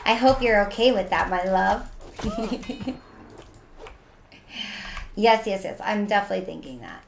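A woman's voice: mid-range voice, animated, a little slow, vocal fry, roomy sound, a little hiss or hum. A young woman streaming a game, chatting casually and playfully with her viewers as she reads their messages aloud.

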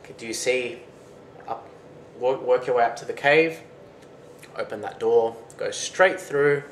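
Blind hairy giant hermit, loud and raised in pitch, as a male storyteller puts him on; roomy room, faint hiss. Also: measured pace, close to an everyday voice. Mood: helpful.

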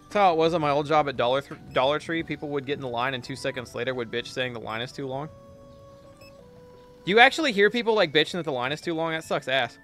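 Profane, bright-voiced young male streamer. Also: on the high side, fast talker, faint music behind. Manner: storytelling, profane, reads chat aloud. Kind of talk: casual gaming stream chat.

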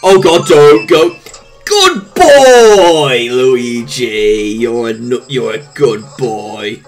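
A woman commentating her own video game playthrough, excitable, coaxing her character along, humming tunes and yelping at mishaps. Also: very deep voice, extremely slow, faint music behind. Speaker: gameplay commentator. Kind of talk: let's-play commentary.

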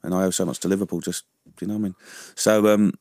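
His voice is deep, gravelly, and darkish, fast with fairly even intonation, as this veteran London guest chats casually on a radio interview. He laughs frequently and keeps tossing in "you know what I mean?", captured at studio quality with no room sound.

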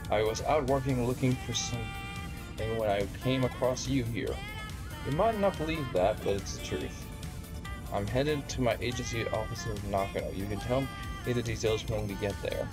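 A composed woman detective, voiced by a man reading a game's lines in a lowered, steady tone. She speaks in a measured, thoughtful way, with game music playing clearly behind. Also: natural voice. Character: calm, composed adult female detective. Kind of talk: reading game dialogue aloud.

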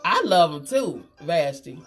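A woman, hosting a casual makeup livestream and chatting warmly with viewers. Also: sits low, sing-song, measured pace. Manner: chatty, reads viewer comments aloud, calls them girl and honey. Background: faint Christmas music.

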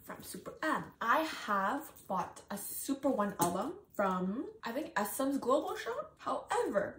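A young woman vlogger chatting casually and excitably through an unboxing, laughing and gasping often. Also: mid-range voice, roomy sound, recorded from a distance.

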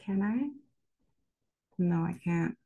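Woman vlogger, low and mellow, measured and reflective, talks straight to camera. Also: vocal fry, slightly rough. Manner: measured, speaks directly to the viewer. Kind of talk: reflective word-of-the-day vlog.

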